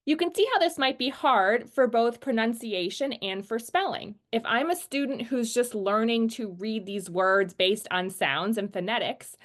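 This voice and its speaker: Patient woman teaching a phonics lesson. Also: a little high. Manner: patient, explains slowly and models sounds.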